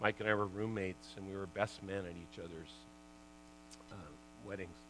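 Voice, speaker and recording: A man in his sixties, a former pro hockey player, telling lively stories to an audience, full of "you know" and "like" and laughing at his own tales. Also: low-pitched, normal speed, a little hiss or hum, low-quality recording. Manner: chatty, lots of "you know" and "like". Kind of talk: storytelling talk to an audience.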